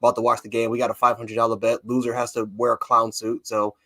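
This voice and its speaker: A man from Buffalo, New York, co-hosting a casual sports talk show, excitable and rambling. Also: medium pitch, fast talker, no room sound. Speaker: co-host, fan panelist.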